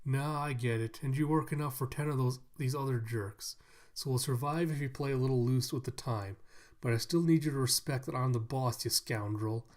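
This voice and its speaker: A man putting on a bossy, cranky old foreman who scolds and blusters at his workers. A middle-pitched male voice, only lightly changed. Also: normal speed, a little mellow, close to an everyday voice. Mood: scolding.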